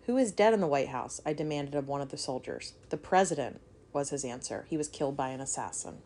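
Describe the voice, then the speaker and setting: A woman's voice: low voice, animated, brisk, warm tone, slight background noise. A woman co-hosting a podcast, reading a history story aloud and breaking off to joke and swear. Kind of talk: casual storytelling chat.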